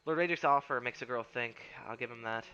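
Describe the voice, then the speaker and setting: A wry, restless wilderness guide woman , voiced by a man speaks with a put-on accent that keeps slipping toward Irish. The voice is bright and forceful, read from a role-playing game. The recording sounds dull and lo-fi. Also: mid-range voice, fairly quick, clean tone, lightly acted.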